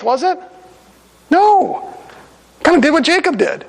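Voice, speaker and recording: A man's voice: extremely high pitch, big pitch swings, a little slow, gravelly, in a large hall, poor audio. A male pastor preaching a sermon in a conversational, storytelling manner in a church sanctuary.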